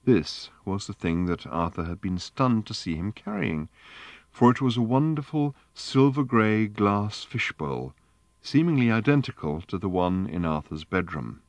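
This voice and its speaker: A man with a very low, deep voice narrates a novel in a measured, dryly wry way. The recording is close and dry, with no room sound. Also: animated, no echo. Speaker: audiobook narrator. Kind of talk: scripted narration.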